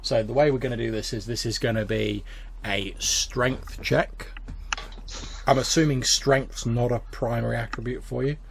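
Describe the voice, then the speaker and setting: A man's voice: mid-range voice, steady tone, moderate pace, gravelly, a little hiss or hum. A man narrating a tabletop game as game master, in a casual, rambling way. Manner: casual, rambling, filler-heavy.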